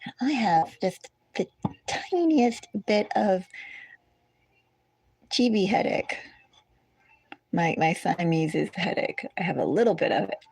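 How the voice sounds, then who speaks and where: A woman's voice: medium pitch, expressive, slow, gravelly, long pauses, darkish tone, breathy edge, no room sound. A woman hosting a tarot reading, talking in a casual, rambling way that drifts into side stories and corrects itself as she goes. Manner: rambling, digressive, self-correcting. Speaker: tarot reader. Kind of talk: casual chatty astrology reading.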